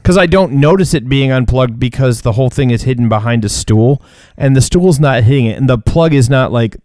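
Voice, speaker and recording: A man at middle pitch with a smooth, clear voice, recorded dry and close. He tells rambling anecdotes in a casual way. He adds deadpan one-liners. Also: a little fast, no room sound. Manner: deadpan quips. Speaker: co-host. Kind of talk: casual comedic chat.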